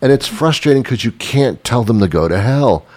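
A man co-hosting a casual chat, complaining in an animated, exasperated way. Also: mid-range voice, normal speed. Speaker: podcast co-host.

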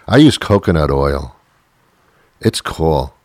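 A man's voice: low-pitched, moderate pace, dry recording. A man hosting his own show, delivering a rambling, sarcastic comedic monologue and laughing at his own jokes. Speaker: show host.

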